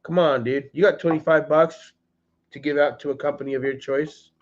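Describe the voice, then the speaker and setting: This host's voice is fairly high, with fairly even intonation and a normal speaking speed. Chatting casually with his livestream audience from home, he names viewers directly and uses "dude." Audio is dull and lo-fi.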